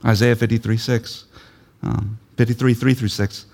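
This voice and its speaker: Gravelly-voiced man preaching a sermon. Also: medium pitch, flat delivery, moderate pace, darkish tone. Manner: emphatic, repeats key phrases, asks the listeners questions.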